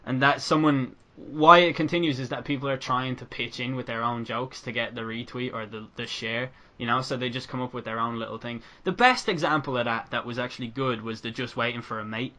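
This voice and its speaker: Young guy hosting a podcast, bright sharp voice, jokey and sweary. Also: mid-range voice, fairly quick, hardly any pauses. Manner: laughing, swearing banter. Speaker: podcast host. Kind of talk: casual group chat.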